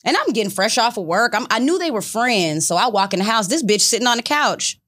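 A woman co-hosting a casual podcast chat, telling stories in an animated way and acting out what people said. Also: on the high side, a little fast. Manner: animated storytelling, acting out quotes. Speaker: podcast co-host.

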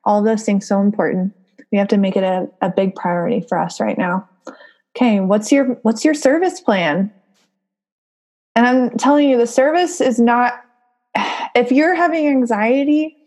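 A woman's voice: mid-range voice, darkish tone. A woman hosting a casual group call, upbeat and encouraging, laughing often and reading out viewer comments. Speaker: live call host.

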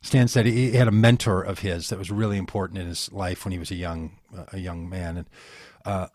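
A man's voice: low voice, steady tone, brisk, a little mellow, no room sound. A man talking earnestly in an interview, rambling and telling stories with many restarts. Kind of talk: conversational interview.

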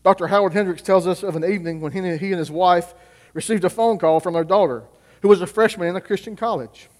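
A man's voice: sits high, fast, a little mellow. A man, a youth pastor, preaching a sermon and asking the congregation questions he then answers himself. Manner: asks the audience rhetorical questions and answers them. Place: church with reverberant hall. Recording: long reverb of a church hall.

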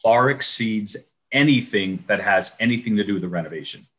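A man with a somewhat low voice leads a webinar over a video call. He coaches with energy and keeps breaking into little acted-out exchanges with clients. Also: expressive, fairly quick, a bit bright. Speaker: renovation loan trainer. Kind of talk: webinar presentation.

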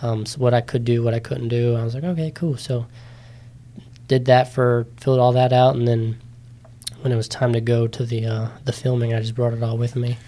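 A nineteen-year-old man in a casual interview, telling his story with many ums and likes and lively quoted voices. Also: medium pitch, a little fast. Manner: chatty, animated when quoting others, many ums and likes. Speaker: interview guest, competitor.

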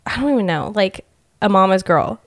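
A woman's voice: medium pitch, expressive, brisk. A young adult woman chatting openly on a podcast and laughing often. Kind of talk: casual podcast chat.

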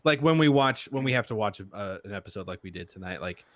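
A low-voiced man in a relaxed, easygoing chat about movies. His voice is dry and close to the mic. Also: fast talker, dry recording. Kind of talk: casual movie discussion.

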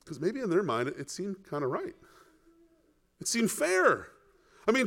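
Here a male pastor delivers a sermon in a high-pitched, creaky voice, unhurried and marked by long pauses. He questions the congregation rhetorically and brings the biblical characters to life in an animated way.

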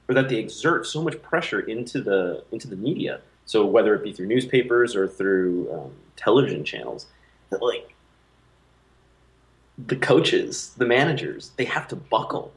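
A man's voice: medium pitch, sing-song, normal speed, low-quality recording. A man in casual podcast talk about football media, thinking aloud with frequent ums and restarts. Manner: thoughtful, hesitant with many fillers. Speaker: podcast co-host. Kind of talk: casual chat.

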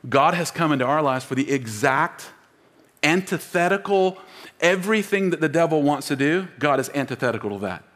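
A man's voice: on the high side, expressive, normal speed, a bit bright. A man preaching a sermon as pastor, emphatic, leading the congregation in call-and-response. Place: church auditorium. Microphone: wearing a mic. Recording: long hall reverb.

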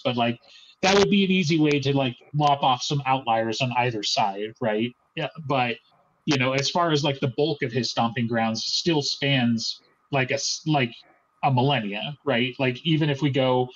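A man's voice: mid-range voice, moderate pace. A man chatting casually as a podcast co-host, rambling with a lot of "like" and laughter. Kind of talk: casual chat. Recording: dull lo-fi audio.

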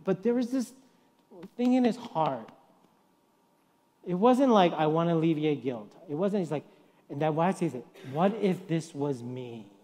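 A middle-aged man preaches in a church, his voice a little high for a man. He tells personal stories, acts out the people he quotes, and swings between hushed and loud. A long reverb from the hall hangs on every line. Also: expressive, normal speed, pauses often. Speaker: guest preacher. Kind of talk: sermon.

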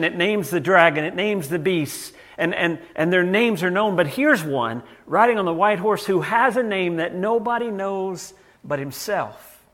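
A man's voice: sits high, fairly bright tone. A man preaching a sermon in a conversational way, often restarting and repeating words as he goes. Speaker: pastor.

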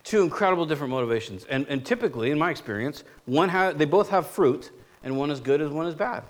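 A man pastor giving a conversational sermon, asking the congregation rhetorical questions and getting animated when he makes a point. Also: fairly high pitch, fast talker.

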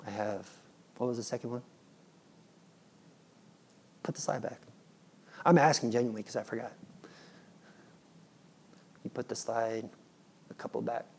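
A man in his thirties, a father, preaching a sermon in an animated, playful way and acting out his children's pleading. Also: mid-range voice, a little slow, pauses often, slight background noise. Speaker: pastor.

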